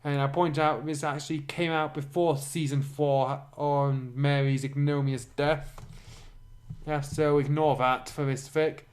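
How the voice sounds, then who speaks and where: A man reads a clumsy fan story aloud, stopping to mock its spelling. His delivery is dry and sarcastic, in a slightly higher voice. He sounds like a regular host of such readings. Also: little pitch movement, a little slow, darkish tone. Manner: dry, mocking. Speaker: reader and commentator.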